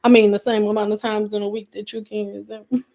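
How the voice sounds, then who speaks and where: A woman hosting a casual hair care livestream, talking animatedly with a sassy, blunt manner and swinging between loud outbursts and quiet asides. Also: medium pitch, flat delivery, fairly quick. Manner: says her own voice sounds a little aggressive.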